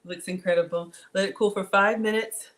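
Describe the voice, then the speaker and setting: A woman talks through a live cooking stream from her home kitchen. She chats warmly and directly to the viewers, reading their comments aloud as she goes. Her voice sits at an ordinary middle pitch. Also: steady tone, fairly quick, a little hiss or hum. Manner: chatty, talks straight to viewers, reads out comments. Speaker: cooking channel host.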